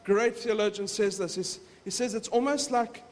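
A man's voice: sits high, normal speed. A male pastor preaching in a casual, conversational way, often repeating words as he goes. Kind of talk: casual sermon. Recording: reverberant hall.

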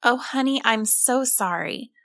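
A woman voicing a caring farm mother who talks softly and soothingly to her son. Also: a little high, unhurried, no echo, clean studio sound, pitched above the performer's own voice. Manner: soft and soothing.

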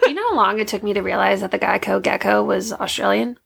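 A woman's voice: mid-range voice, fairly even intonation, fast, creaky, slightly rough. A young woman co-hosting a podcast, telling stories in a chatty, laughing way. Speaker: podcast co-host. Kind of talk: casual chat.

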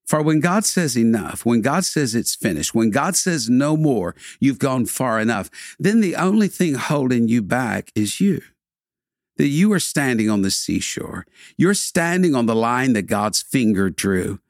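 A man delivering a devotional sermon, preaching in rhythmic, building repetitions with dramatic pauses. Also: mid-range voice, big pitch swings, no echo, clean studio sound.

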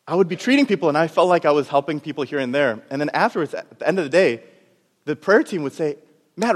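Man telling a story in a big echoing hall. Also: on the high side. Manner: storytelling, animated, laughs at himself. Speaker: doctor and preacher. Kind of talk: sermon testimony. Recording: long hall reverb.

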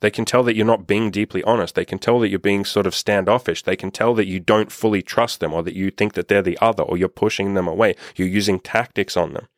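A man's voice: fairly low pitch, fairly even intonation, fast, few pauses, no echo, studio quality. Blunt, swearing male dating coach. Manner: blunt, profane, hammering rhetorical questions. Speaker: dating and self-improvement coach. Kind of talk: direct-to-camera opinion monologue.

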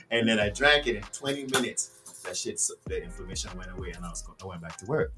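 A man talking as a podcast guest, animated and full of rhetorical questions, swearing freely. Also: fairly low pitch, fast, far from the mic, soft background music. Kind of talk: casual podcast interview.

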